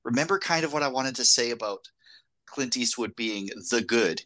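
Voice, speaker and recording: A man's voice: medium pitch, animated, normal speed, sharp tone, low-quality recording. A man co-hosting a film podcast, laughing easily, drifting into tangents and restarting his sentences. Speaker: podcast co-host. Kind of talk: casual film discussion.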